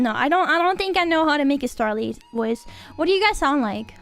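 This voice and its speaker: A woman's voice: high voice, animated, a little fast, a bit bright, soft background music. A young woman streaming, chatting casually and greeting viewers in a bubbly, giggly, rambling way. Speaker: VTuber streamer. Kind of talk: casual livestream chat.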